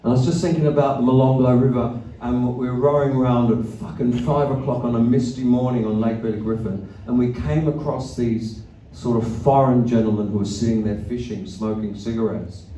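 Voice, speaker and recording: A musician telling loose, profane, self-mocking stories to a live theatre audience. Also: male voice, mid-range voice, fairly even intonation, brisk, mellow. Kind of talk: rambling stage banter between songs. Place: theatre stage. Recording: live theatre recording, roomy and distant.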